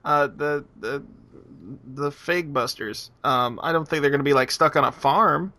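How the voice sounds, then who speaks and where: A man's voice: fairly high pitch, unhurried, bright, forceful tone. A man co-hosting a casual podcast, joking and sarcastic, slipping into quoted voices. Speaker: podcast co-host.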